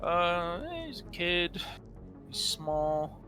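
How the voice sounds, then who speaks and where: A man's voice: high-pitched, extremely slow, sharp tone, soft background music. A man running a tabletop game as game master, narrating casually with frequent swearing and hesitations.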